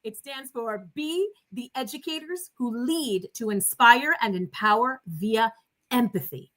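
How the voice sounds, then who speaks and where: A woman's voice: fairly high pitch, expressive, measured pace, fairly bright tone. A woman in her fifties with a New York accent, a guest on a video-call livestream, talking in an exuberant, jokey way. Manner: exuberant, jokey, talks in rhyming asides. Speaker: guest speaker. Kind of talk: animated livestream chat.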